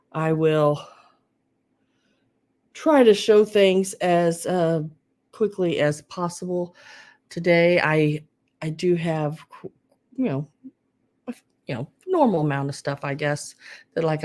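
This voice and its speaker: A woman's voice: lowish voice, a little mellow. A woman with a Southern US accent hosting a live vintage sale stream, chatting casually and greeting viewers by name. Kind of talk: casual livestream chat.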